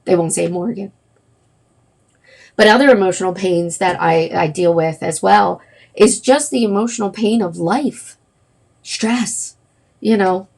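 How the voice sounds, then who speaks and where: A woman's voice: medium pitch, gravelly, a little mellow. A middle-aged woman hosting a wellness livestream, talking casually and rambling, with many fillers and self-corrections.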